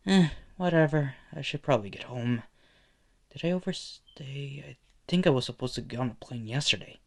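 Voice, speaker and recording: A man's voice: medium pitch, animated, normal speed, gravelly. A man voicing a cocky, teasing teenage boy hero in a casual, drawling way with lots of fillers.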